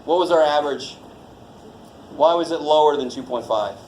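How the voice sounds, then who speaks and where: A man's voice: fairly high pitch, moderate pace, darkish tone. Casual, joking man lecturing in an echoey room. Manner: informal, jokey, swears casually, quizzes the class. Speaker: college math instructor. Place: classroom. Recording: echoey classroom with faint noise.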